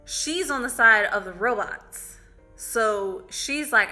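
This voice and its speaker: Bright-voiced woman chatting about a movie. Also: a little high, expressive, slow pace, faint music behind. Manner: chatty storytelling with many "like"s. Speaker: movie reviewer. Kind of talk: casual spoken film recap.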